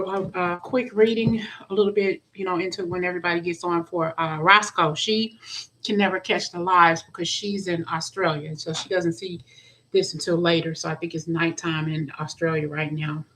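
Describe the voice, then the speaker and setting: Female tarot reader hosting a live stream, lowish voice, loose chatty delivery that restarts often. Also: fairly bright tone, slight background noise, poor audio. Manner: chatty, greets viewers by name, frequent restarts. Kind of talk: casual live-stream chat.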